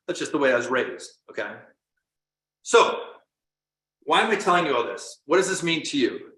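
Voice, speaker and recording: Canadian-raised coach guy telling stories, bright tense voice, roomy echo. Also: on the high side, big pitch swings, normal speed, pauses often. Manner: earnest, storytelling, swings from quiet to loud. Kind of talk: motivational talk.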